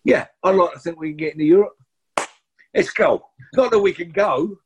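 Slight background noise sits behind a husky male voice that pitches high at a moderate pace. He's a London-accented guest actor in his sixties, rambling through anecdotal interview stories full of asides and restarts.

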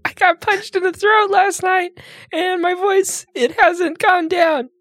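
A man voicing a high-voiced man who got punched in the throat, in a strained, mock-earnest falsetto. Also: steady tone, slow pace, fairly bright tone, no echo, clean studio sound, exaggerated voice.

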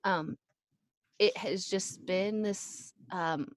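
A woman's voice: mid-range voice, drawn-out words, no room sound, studio quality. Chatty woman telling a family story. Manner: animated storyteller, acts out quoted voices. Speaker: guest. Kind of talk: casual chat.

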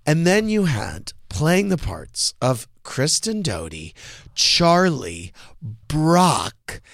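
Gravelly, chatty man hosting a podcast. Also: on the high side, big pitch swings, extremely slow, fairly bright tone, no room sound, studio quality. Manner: chatty, gossipy, enthusiastic. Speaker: podcast host. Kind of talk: casual chat.

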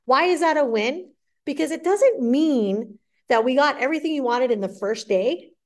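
High-voiced woman telling a lively business story. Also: normal speed. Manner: energetic, acts out client dialogue. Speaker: guest entrepreneur. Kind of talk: animated storytelling interview.

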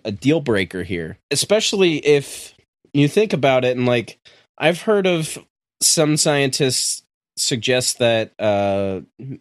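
A man's voice: mid-range voice, no echo. Hesitant man arguing, dry mic. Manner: hesitant, restarts often, argues his view. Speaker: podcast host. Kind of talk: casual podcast chat.

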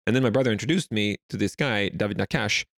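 A man's voice: on the low side, quick pace, a bit bright, dry recording, clean studio sound. A young Swedish man telling stories in a casual interview, rambling with lots of fillers. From Sweden. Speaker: guest.

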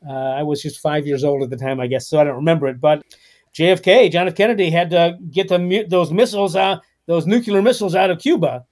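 A man's voice: a little high, fast. A man in his sixties, a guest author telling stories in a podcast interview, with lots of fillers and restarts. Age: 60s. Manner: animated storyteller with frequent fillers.

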